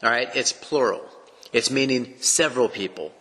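A man's voice: medium pitch, moderate pace, sharp tone. East Texas male Bible teacher, earnest and emphatic, in a reverberant space. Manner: earnest, emphatic, explains step by step. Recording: long echoing reverb.

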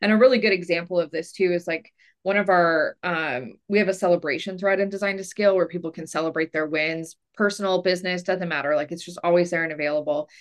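A woman's voice: fairly low pitch, fast. A woman who runs a business, a guest on a podcast, talking casually with many filler words. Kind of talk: casual interview chat.

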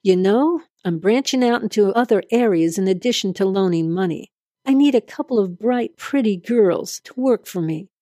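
A woman's voice: medium pitch, mellow, no room sound, close to an everyday voice. A woman voicing a male loan shark who turns from charming to bullying in a dry, close reading. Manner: coaxing then threatening.

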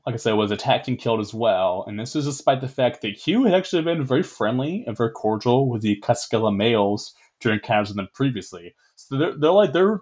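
A man's voice: medium pitch, a little mellow, muffled recording. A young man hosting a casual history podcast, rambling with many fillers, laughing often and swearing casually. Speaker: podcast host.

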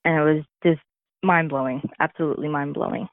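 Low-voiced woman on a tinny line. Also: steady tone, fairly quick, no room sound. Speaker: guest. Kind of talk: candid podcast conversation.

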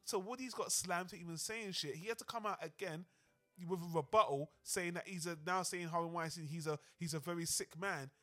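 A man co-hosting a casual podcast discussion, animated and heated, swearing freely. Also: high voice, brisk, faint music behind. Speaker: podcast co-host.

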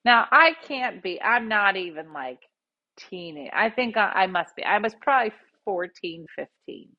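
A woman host casually telling a funny story, jumping into loud quoted voices. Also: mid-range voice, animated, moderate pace, highs cut off. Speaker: podcast host.

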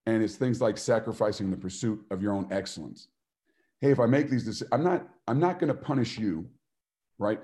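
A man's voice: medium pitch, warm tone. A middle-aged man, a former football player and coach, giving a motivational talk and telling stories, acting out the voices he quotes and laughing often.

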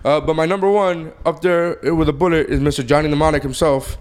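A man's voice: a little high, steady tone, fairly quick, clear, resonant tone. A man co-hosting a casual podcast, opinionated and argumentative, swearing freely. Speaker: podcast co-host. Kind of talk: casual banter.

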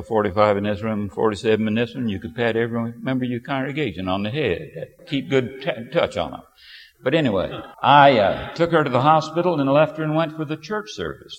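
Older preacher in an echoing hall. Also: male voice, mid-range voice. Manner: storytelling, unhurried with sudden bursts of emphasis. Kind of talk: sermon. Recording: dull lo-fi audio with long hall reverb.

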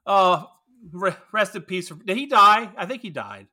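A man's voice: high voice, animated, a little slow, bright, forceful tone. A man co-hosting a podcast in casual film-review chat, rambling, opinionated and profane. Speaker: podcast co-host.

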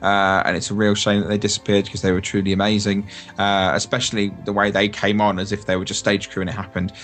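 A man's voice: on the low side, completely flat delivery, quick pace, a bit bright. Brief: male podcast host, chatty and rambling, faint background music. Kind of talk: casual chat.

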